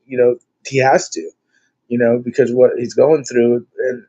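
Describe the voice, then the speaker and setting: A man rambles through a casual online chat, with plenty of fillers and some blunt swearing. His voice is mid-pitched and comes through a dull, lo-fi line. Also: flat delivery, moderate pace, mellow. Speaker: host. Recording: dull lo-fi sound.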